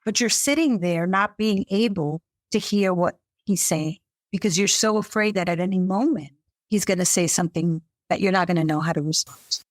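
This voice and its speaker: A middle-aged woman psychotherapist, speaking as a guest in an interview, expressive and acting out her clients' voices. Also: lowish voice, normal speed, dry recording. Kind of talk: interview conversation. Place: US capital region.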